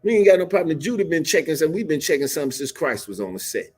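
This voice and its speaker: A man's voice: fairly high pitch, very animated, very fast, a little mellow, breathy edge. A man in his fifties teaching a casual scripture class, emphatic and slangy, repeating words for effect. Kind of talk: casual scripture breakdown preaching.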